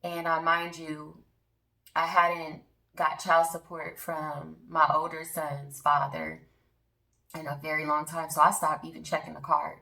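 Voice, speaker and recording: Woman, gravelly voice, bright tone, earnest storytime testimony, talks straight to viewers, a bit far from the mic. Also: low-pitched, little pitch movement, measured pace, reverberant. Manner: earnest, emphatic, addresses viewers directly. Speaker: vlogger.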